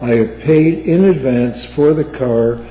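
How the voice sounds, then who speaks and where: An older man chatting casually, telling animated anecdotes. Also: mid-range voice, measured pace. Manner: animated storyteller. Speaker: guest, mother figure. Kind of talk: casual storytelling chat. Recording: echoey room with long reverb.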